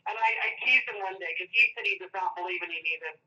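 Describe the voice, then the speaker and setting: Excited chatty woman over a phone line. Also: fairly low pitch, very fast. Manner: excited, chatty, laughs often. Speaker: caller. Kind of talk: casual call-in chat. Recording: distant tinny phone line.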